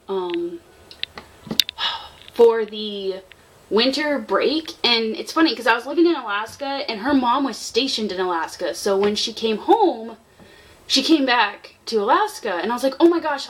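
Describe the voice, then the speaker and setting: A young woman giving a rambling, excitable tour of her art desk at home, talking into a handheld camera. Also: medium pitch, a little hiss or hum, poor audio. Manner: chatty, rambling, excitable, many fillers. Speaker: artist showing her workspace. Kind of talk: casual vlog tour. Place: home desk area, indoors.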